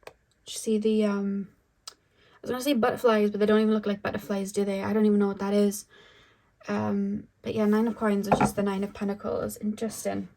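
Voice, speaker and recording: A woman's voice: medium pitch, little pitch movement, brisk, vocal fry, dark tone, poor audio. A young woman doing a casual tarot reading, chatty, with many fillers. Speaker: tarot reader.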